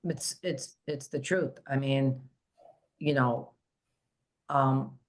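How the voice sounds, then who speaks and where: A woman's voice: very deep voice, fairly even intonation, very slow. A woman hosting a spiritual podcast as a psychic medium, talking casually with many fillers and restarts.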